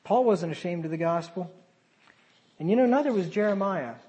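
A man preaching a sermon, animated, with sarcastic asides and sudden drops to a quieter voice. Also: high voice, normal speed, poor audio.

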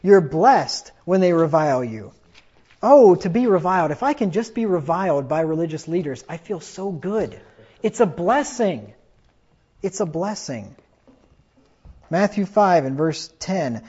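A man's voice: high voice, animated, measured pace, mellow, slightly rough, dull audio. A man preaching a fiery sermon, reading scripture aloud and mocking his opponents in put-on voices. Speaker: pastor.

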